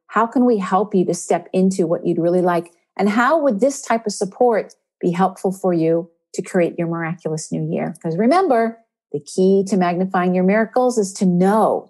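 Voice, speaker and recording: A woman's voice: fairly low pitch, lively intonation, normal speed, darkish tone. Female spiritual coach hosting a podcast, encouraging, leans on key words. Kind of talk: inspirational podcast talk.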